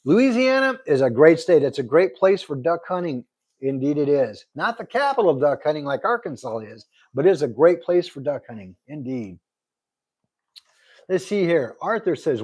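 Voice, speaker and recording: A middle-aged man hosting a casual livestream, reading viewer comments aloud and thanking them over and over. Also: a little high. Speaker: livestream host. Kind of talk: casual live chat. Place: Arizona.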